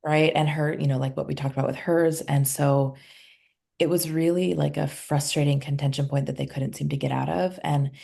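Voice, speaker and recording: Guesting on a podcast, a somatic healer describes a couples session she once ran. Her low, warm, slightly husky and gravelly voice holds a steady tone at a moderate pace, and she voices the quoted lines of those in the story.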